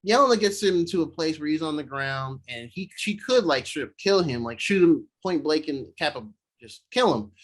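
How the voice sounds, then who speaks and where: Animated man retelling a show's plot. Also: a little high. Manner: animated retelling, slipping into quick voices for the characters. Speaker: podcast co-host. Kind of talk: casual chat recapping a show.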